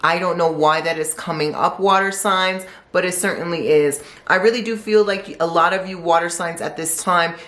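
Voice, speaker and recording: A woman's voice: on the low side, normal speed, hardly any pauses, a bit bright, echoey room. A woman giving a tarot forecast, asking a string of reflective rhetorical questions. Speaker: tarot reader.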